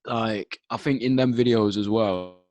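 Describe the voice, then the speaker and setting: A man's voice: on the low side, a little slow, darkish tone. A young man, co-hosting a casual podcast and speaking bluntly, swearing freely as he gives his opinions. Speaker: podcast co-host. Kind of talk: casual chat.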